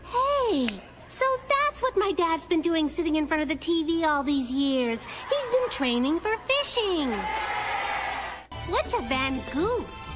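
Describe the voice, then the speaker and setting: A woman's voice: extremely high pitch, very animated, slow pace, over music, heavily acted. A giggly cartoon girl. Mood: cheeky. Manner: giggly, playful storytelling. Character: chatty cheeky young girl. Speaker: narrator character. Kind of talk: cartoon monologue to the audience.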